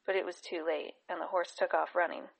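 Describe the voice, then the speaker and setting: A woman narrating a fantasy novel in a steady, even storytelling manner. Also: on the low side, fairly quick, gravelly, slightly rough, low-quality recording. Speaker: audiobook narrator. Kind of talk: scripted narration.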